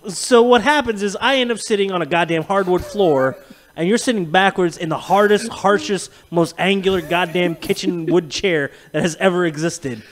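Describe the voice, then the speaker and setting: A man hosting a podcast, chatting casually and profanely, telling animated stories and laughing often. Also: sits high, moderate pace. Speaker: podcast host. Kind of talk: casual chat.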